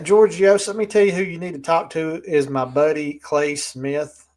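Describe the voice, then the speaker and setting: Laid-back male co-host with a slightly raised pitch, telling folksy stories in a casual chat. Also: steady tone, moderate pace, a little mellow. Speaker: podcast co-host.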